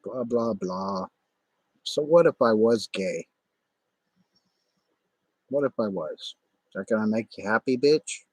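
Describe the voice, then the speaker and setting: A middle-aged man rambling on a livestream, halting and irritable, with many restarts. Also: lowish voice, animated, husky, no room sound. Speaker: livestream host. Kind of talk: casual livestream monologue.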